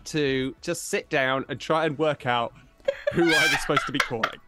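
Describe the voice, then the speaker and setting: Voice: mid-range voice, normal speed, sharp tone, soft background music. A player in a tabletop role-play game, talking in a bumbling, rambling way.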